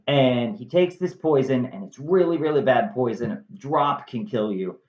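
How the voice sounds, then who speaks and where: A man's voice: mid-range voice, expressive, moderate pace, darkish tone. A man casually retelling a play to viewers, with wry, conversational asides. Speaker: video host. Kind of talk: casual storytelling lesson. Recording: roomy, slightly dull recording.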